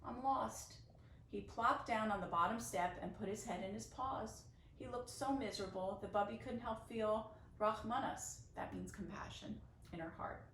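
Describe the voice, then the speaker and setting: A woman's voice: medium pitch, normal speed, a bit bright. A woman teacher reading a picture book aloud to children, with chatty asides and explanations of Yiddish words. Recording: roomy, distant mic, faint noise.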